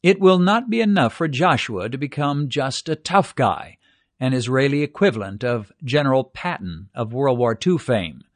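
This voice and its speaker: An older man preaching in a measured, earnest tone, giving a devotional Bible teaching. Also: mid-range voice, animated, dry recording, clean studio sound.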